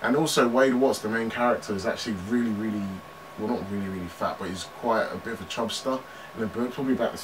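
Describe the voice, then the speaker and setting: A man's voice: fairly low pitch, quick pace. A young man hosting a reaction video, rambling casually with many restarts and frequent laughs. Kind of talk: casual commentary. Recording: distant mic with background noise.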